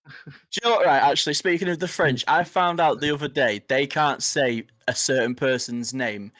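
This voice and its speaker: A man's voice: medium pitch, normal speed, a bit bright. A young man co-hosting a casual podcast, telling stories and laughing often. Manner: laughing, storytelling. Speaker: podcast co-host. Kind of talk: casual chat.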